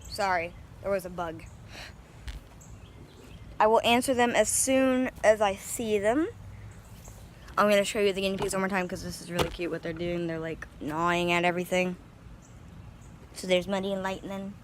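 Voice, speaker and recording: A young woman speaks at a moderate pace in a steady, medium-pitched voice, leaving long pauses, with a little hiss or hum in the audio. In a handheld phone vlog from her backyard, she shows her guinea pigs, talking informally with many fillers and sweet baby talk for them.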